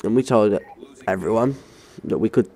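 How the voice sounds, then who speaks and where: A man's voice: on the low side, moderate pace, dark tone. A young man with an English accent telling a rambling, sweary story time while playing a game. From England. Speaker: gaming channel host. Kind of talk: story time over gameplay.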